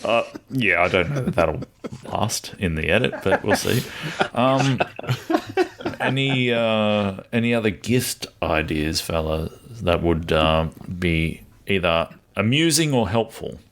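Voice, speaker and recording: A man's voice: deep voice, lively intonation, slow, a bit bright, a little hiss or hum. A man hosting a casual podcast chat, telling stories with frequent laughs. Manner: chatty, laughs often, storytelling. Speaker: podcast host.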